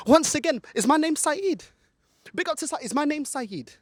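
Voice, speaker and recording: Here the man's pitch is extremely high and expressive, his pace moderate, and the sound clean studio quality with no room sound. Filmed by a friend holding the camera in an outdoor car park, he angrily rants for a football fan vlog, drifting into Portuguese at times.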